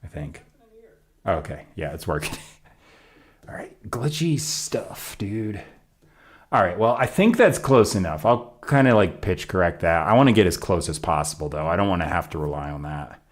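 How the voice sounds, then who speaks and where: A man talking casually on a live stream while recording his own song, chatty and self-critical about each take, his voice not fully warmed up. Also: low-pitched, animated, normal speed. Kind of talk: casual live-stream commentary between vocal takes.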